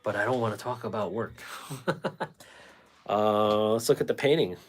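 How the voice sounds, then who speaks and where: A man's voice: lowish voice, brisk, slight background noise. A man hosting a painting livestream, chatting casually and rambling as he reads out viewer comments and answers them. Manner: talkative, chummy with viewers.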